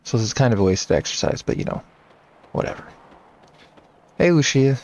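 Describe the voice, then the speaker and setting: A man casually commenting on his game playthrough, rambling and thinking out loud. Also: fairly low pitch, fast talker, highs cut off. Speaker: game streamer. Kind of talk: casual let's-play commentary.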